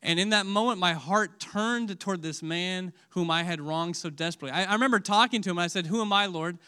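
A man preaching a sermon with emotion, dropping to a hush and rising again, often asking his listeners questions. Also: high-pitched, fast, smooth. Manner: emotional, swings from loud to hushed; asks audience questions.

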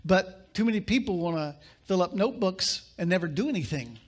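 A male pastor delivering a sermon, reading scripture aloud with dramatic pauses and sudden bursts of emphasis. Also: high voice, lively intonation.

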